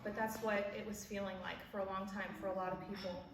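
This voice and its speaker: A woman's voice: medium pitch, little pitch movement, fast. A woman in her forties telling a personal story at a church event, laughing as she goes and acting out the people she quotes. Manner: warm storytelling, laughs at her own stories, acts out quoted voices. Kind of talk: personal story with a devotional message. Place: church hall. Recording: echoey hall from far off with background noise.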